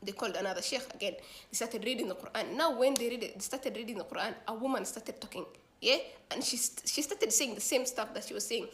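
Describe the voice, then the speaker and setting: A woman's voice: on the high side, a little fast, a little hiss or hum. A woman telling a story in a casual, slangy way, acting out the dialogue as she goes. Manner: slangy, animated retelling with quoted dialogue.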